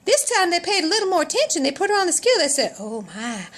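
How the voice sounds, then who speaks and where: A woman's voice: very high voice, animated, racing, a bit bright. A middle-aged woman, telling a comic personal story in a folksy, dramatic way.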